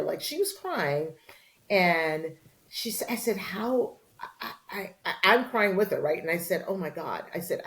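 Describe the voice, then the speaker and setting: A woman's voice: lowish voice, rough recording. A middle-aged woman, a journalist and author, telling a story in a candid interview and acting out the voices of the people in it. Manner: animated storyteller, acts out quoted voices.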